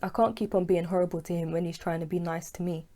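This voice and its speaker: A woman reads her own novel aloud in an audiobook. She tells it in the first person at an easy, unhurried pace. Her voice sits low and sounds dark and mellow. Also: fairly even intonation. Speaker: author and narrator. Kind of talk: audiobook reading.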